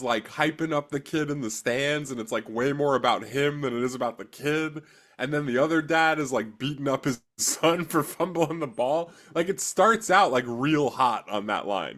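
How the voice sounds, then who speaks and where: A man's voice: mid-range voice, fairly bright tone. Giggly, rambling male co-host. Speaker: podcast co-host. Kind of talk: casual chat.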